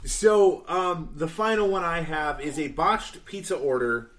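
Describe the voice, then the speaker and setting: Young man, podcast co-host, rambling, chuckly, slightly high voice. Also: unhurried, fairly bright tone. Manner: rambling, laughing through news stories. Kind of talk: casual podcast banter.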